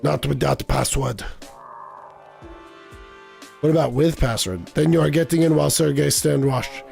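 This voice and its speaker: A gruff bear bouncer with a heavy Russian accent, as a man puts him on. He speaks slowly in broken phrases and calls himself by name. The voice is gravelly, with faint game music behind it. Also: fairly high pitch, fairly even intonation, darkish tone.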